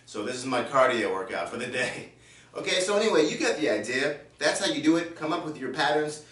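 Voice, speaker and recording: A man's voice: fairly high pitch, big pitch swings, brisk, a bit bright. Man, drum teacher, casual explaining, distant mic, echoey room, drums in background. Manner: counts beats aloud while playing; explains casually, checking in with "right?" and "okay?". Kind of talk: video drum lesson.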